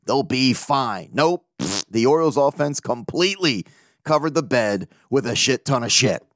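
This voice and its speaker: A man hosting a casual solo sports podcast, rambling and animated, swearing freely and laughing at himself. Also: mid-range voice, normal speed, no echo, studio quality. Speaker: podcast host.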